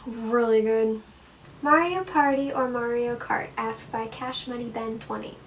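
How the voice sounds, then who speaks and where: A woman's voice: on the high side, steady tone, measured pace, distant mic, rough recording. Giggly young woman chatting off-mic. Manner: giggly, chatty, self-deprecating. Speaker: vlogger answering fan questions. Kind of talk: casual chat. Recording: from the mic, faint room noise.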